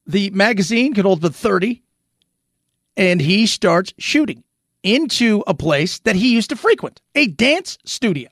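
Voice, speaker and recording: A man hosting a commentary show, talking through the news in an animated, rhetorical way, often restarting his sentences. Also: high-pitched, measured pace, no room sound, studio quality.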